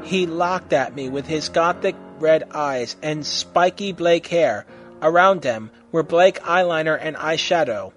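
A man's voice: fairly high pitch, measured pace, faint music behind. Man giving a mock-serious story reading. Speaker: reader.

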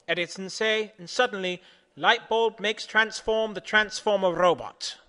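A man doing a deadpan comic reading in deliberately broken English, in a mock-pompous manner, yelling the quoted lines. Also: high voice, clean tone. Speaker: host reading comic stories.

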